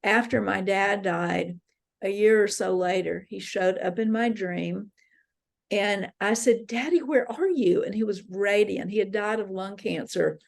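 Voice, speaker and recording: Brief: woman teaching a dream workshop, gravelly voice, earnest storyteller. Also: medium pitch. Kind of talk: teaching talk with retold dreams. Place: interfaith center workshop.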